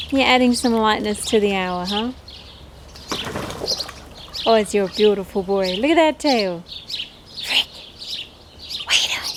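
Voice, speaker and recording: A woman talks slowly and casually to camera from her backyard, chatting to her birds between thoughts. Her voice sits at an ordinary pitch and an unhurried pace. Clear birdsong and chirps run behind her outdoor recording. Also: background noise. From Australia. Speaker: backyard poultry vlogger.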